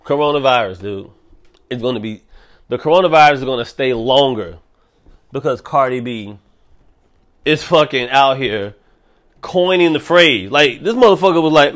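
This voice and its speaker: A young man hosting a solo podcast, ranting in a profane, animated way. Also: mid-range voice, normal speed, long pauses. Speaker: podcast host.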